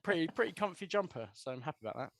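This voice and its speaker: A man's voice: on the high side, big pitch swings, rapid-fire, gravelly, dry recording. English man, rambling and chatty, dry close mic. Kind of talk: casual group chat.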